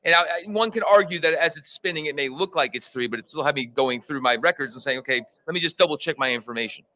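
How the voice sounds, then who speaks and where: A man's voice: a little high, fast, poor audio. A man who teaches in the fire service, telling stories in an interview and acting out the dialogue as he goes. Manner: animated storyteller, acts out dialogue. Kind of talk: conversational storytelling interview.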